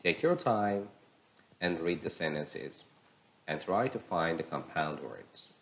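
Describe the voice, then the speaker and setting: A man teaching pronunciation in a recorded lesson, speaking slowly and deliberately and spelling words letter by letter. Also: low voice, expressive, fairly bright tone, muffled recording.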